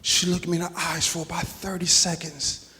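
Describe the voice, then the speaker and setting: A man giving an energetic motivational speech to teachers, telling stories and getting the audience to call back. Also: a little high, moderate pace. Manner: energetic, storytelling, calls for audience response. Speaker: motivational speaker. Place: large auditorium. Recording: long hall reverb, PA system.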